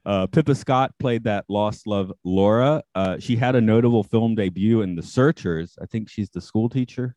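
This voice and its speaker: Podcast host, man, low voice; dry close mic; easygoing, laughs a lot, halting. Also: mellow, dry recording, dull audio. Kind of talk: casual podcast chat.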